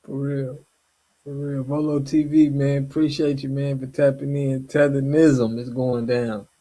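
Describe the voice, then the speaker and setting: A laid-back man runs a live stream, greeting the chat and callers in casual slang. He keeps backing people up with quick affirmations. His voice sits at an ordinary, middle pitch. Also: flat delivery, mellow.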